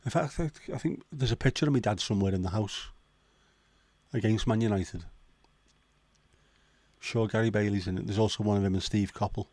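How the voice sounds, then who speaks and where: A man from Liverpool, England, hosts a casual chat livestream, cracking jokes, swearing and tossing in chatty asides to viewers. His voice sits lowish with a darkish tone, and he talks a little fast with long pauses. There's no room sound.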